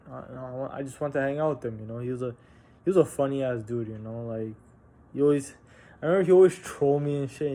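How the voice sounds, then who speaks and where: Telling a personal tale on his vlog, a young man speaks in a warm, mid-range voice. The delivery is casual, candid and halting, with frequent restarts, fillers and offhand swearing.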